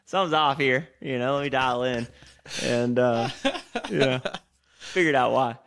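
A man, co-hosting a podcast in casual chat and telling animated, swear-laced stories. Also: mid-range voice, unhurried, gravelly. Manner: animated storyteller, swears freely. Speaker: podcast co-host.

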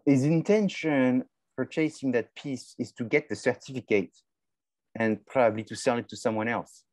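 A man's voice: medium pitch, normal speed, a little mellow, dry recording. A male marketing professor giving a conversational class lecture, asking and answering his own questions.

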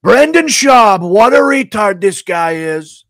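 A man doing a high sneering drawl. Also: very animated, fairly bright tone, no room sound, full character voice. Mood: mocking. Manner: sneering, drawn-out.

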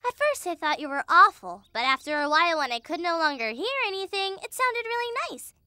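A woman's voice: very high voice, very animated, pushed and bright, no room sound, studio quality, full character voice. A woman voicing a cheeky, cheerful young female turtle in a dubbed cartoon, teasing her friends. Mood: chatty. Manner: cheeky, teasing, quick to joke. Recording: children's music under the voice. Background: children's music.

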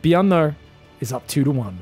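A man casting a live esports match, excitable and joking, shouting out at big plays. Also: fairly high pitch, moderate pace, slightly rough, faint music behind. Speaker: esports caster. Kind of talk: live game commentary.

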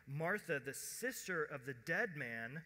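A man preaching with a bright, forceful, fairly high voice, talking to the room like a conversation and slipping into quoted voices. His sermon rings out with a long reverb tail from a big church hall. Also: animated, a little slow. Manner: conversational preaching, acts out quoted voices, drops to a hush at emotional points. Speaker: pastor.

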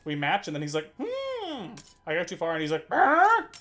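A man's voice: on the high side, little pitch movement, rapid-fire, a bit bright. A man streaming a video game, chatting casually, reading game text aloud, laughing and swearing now and then. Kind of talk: casual gameplay commentary.

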